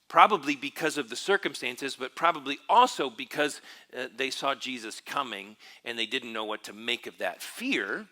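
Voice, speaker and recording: A man preaching a sermon as pastor in a church, reflective and searching, often pausing and restarting his phrases. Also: medium pitch, sharp tone. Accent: Texan.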